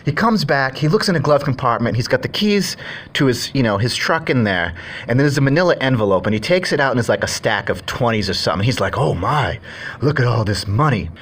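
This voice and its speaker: A man's voice: mid-range voice, lively intonation, fast talker, a bit bright. A man giving a casual, chatty movie review, retelling the story in a rambling way.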